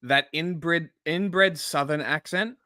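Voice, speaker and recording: A man's voice: fairly high pitch, slow pace, sharp tone, no room sound, clean studio sound. A man co-hosting a live stream, giving blunt, opinionated remarks and laughing often. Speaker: co-host of a reaction stream. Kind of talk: casual chat.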